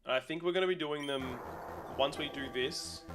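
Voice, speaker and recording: Fairly high-pitched and speaking at a moderate pace, a young Australian man chats casually with his stream's chat as he resets a game. He rambles, sounds a little tired and yawns at times, with music behind him.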